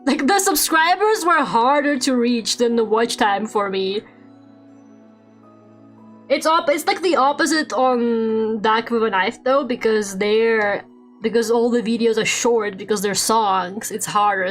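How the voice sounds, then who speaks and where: Young woman streamer, higher voice, rambly and sweary chat, faint music behind. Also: animated, takes it slowly, fairly bright tone. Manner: rambling, swears a lot, laughs often. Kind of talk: casual chat while drawing on stream.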